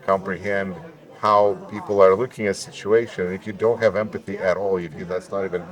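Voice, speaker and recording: A Russian-born man, a native Russian speaker, with a deep announcer-like voice, speaking earnestly and reflectively as an interview guest. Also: flat delivery, brisk. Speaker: guest, local elected official. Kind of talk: conversational interview.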